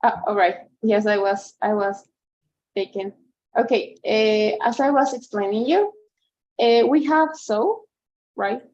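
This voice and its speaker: Slow-talking lady tutor, keeps asking "right?", kinda muffled call audio. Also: on the high side, a little mellow. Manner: patient, explaining slowly with frequent "right?" and "okay?" checks. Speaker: English tutor. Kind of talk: online one-to-one lesson.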